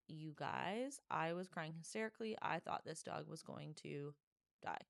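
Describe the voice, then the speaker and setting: A woman hosting her own podcast, telling a story in a casual, animated way, full of "like" and dramatic asides. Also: lowish voice, normal speed, creaky, no echo, clean studio sound. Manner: animated, dramatic, filler-heavy with lots of "like". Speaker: podcast host.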